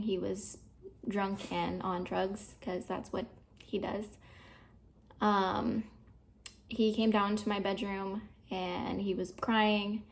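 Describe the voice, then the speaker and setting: Gravelly young woman telling her story. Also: medium pitch. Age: 20s. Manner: candid, swears freely, frequent fillers. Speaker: vlogger. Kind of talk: personal storytelling to camera.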